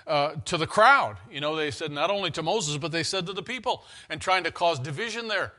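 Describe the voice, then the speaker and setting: A man's voice: fairly high pitch, expressive, fairly quick, hardly any pauses, bright, forceful tone. A man preaching an earnest, conversational sermon in a church, often restarting his phrases.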